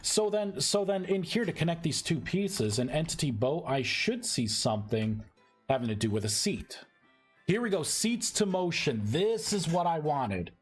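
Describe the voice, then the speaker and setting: A man streaming live as he codes a game mod, thinking aloud in a halting way and often repeating words. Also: a little high, sing-song, slightly rough, faint music behind. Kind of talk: live-stream coding commentary.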